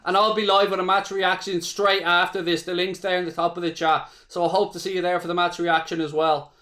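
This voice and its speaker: An Irish man hosts a live football watchalong in a high, level voice that is brisk, bright and forceful. He calls the play as a fan, swears freely and chats with the viewers.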